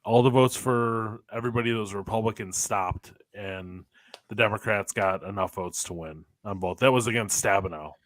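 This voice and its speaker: A man's voice: on the low side, normal speed, fairly bright tone. A man from Detroit co-hosting an election livestream, rambling and losing track of his thoughts. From Detroit, Michigan. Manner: rambling, trails off mid-thought. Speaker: livestream co-host. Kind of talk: casual election-night chat.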